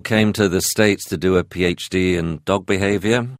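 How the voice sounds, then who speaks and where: A man from England, a veterinarian and dog trainer, talking lively and jokey in an interview. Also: low voice, moderate pace, dry recording, studio quality. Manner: lively, jokey, acts out voices.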